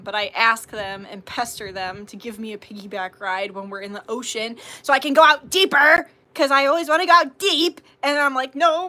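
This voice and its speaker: A woman's voice: sits high, pushed and bright. A young woman hosting a live tarot stream, chatting casually, reading out viewer comments, giggling and swearing freely.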